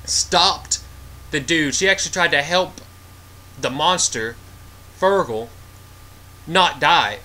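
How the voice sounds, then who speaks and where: A man's voice: fairly high pitch, sharp tone, a little hiss or hum. A man giving a casual, rambling movie review, exasperated and full of filler words.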